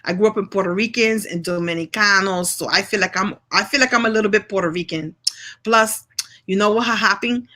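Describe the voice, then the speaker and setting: A woman's voice: mid-range voice, a little fast, pushed and bright. A woman from New York hosting a live session, chatting playfully and often laughing as she plays an improv game with viewers. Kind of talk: lively live-stream chat with an improv game.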